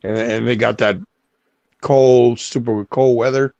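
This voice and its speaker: A man co-hosting a casual livestream, agreeable and a bit halting as he chats. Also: medium pitch, fairly even intonation, mellow, dry recording, muffled recording. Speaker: co-host.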